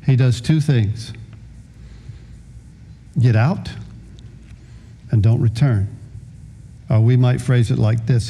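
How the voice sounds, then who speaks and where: A man's voice: mid-range voice, animated, takes it slowly, vocal fry, long pauses, mellow, slightly rough. A man in his sixties preaching a sermon as a pastor, often repeating words as he starts a phrase.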